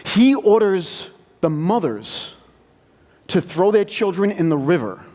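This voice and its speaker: Animated high-voiced preacher in a reverberant hall. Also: male voice, slow. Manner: animated, conversational storytelling. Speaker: pastor. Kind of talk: sermon. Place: church sanctuary.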